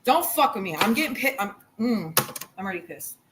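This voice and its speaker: A woman's voice: medium pitch, sing-song, a little fast, very noisy. A woman on a livestream, ranting in a heated, profane and rambling way while cooking in her kitchen. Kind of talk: angry livestream rant.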